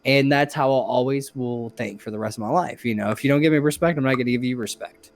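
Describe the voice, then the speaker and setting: Give me a young man co-hosting a casual podcast, telling a rambling, profane story in an excitable way. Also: medium pitch, fast talker. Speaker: podcast co-host.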